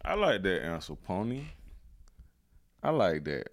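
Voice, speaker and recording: A man's voice: sits low, sing-song, measured pace. A young man hosting a podcast in casual chat, slangy and joking, often repeating his words. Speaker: podcast host.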